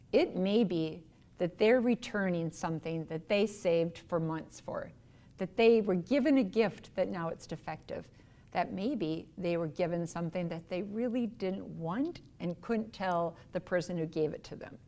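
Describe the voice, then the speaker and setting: A woman giving a recorded workplace training lecture on customer service, earnest and instructive, sometimes acting out quick quoted voices. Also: medium pitch, warm tone.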